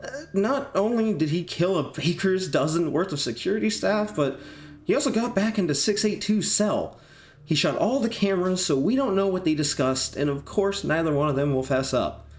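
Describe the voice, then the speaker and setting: A man's voice: sits high, animated, moderate pace, voice pushed up. A man voicing the Veil Walker, a brusque, businesslike man.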